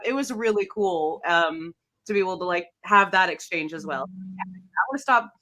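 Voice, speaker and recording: A woman co-hosting a casual chat show, telling stories in an excited, chatty way. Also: on the low side, normal speed. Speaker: co-host.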